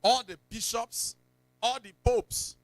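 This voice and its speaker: A man with a Nigerian accent preaching a sermon in church, telling stories, slipping into pidgin and breaking into sudden shouts. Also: extremely high pitch, fairly even intonation, slow pace, no room sound. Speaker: pastor.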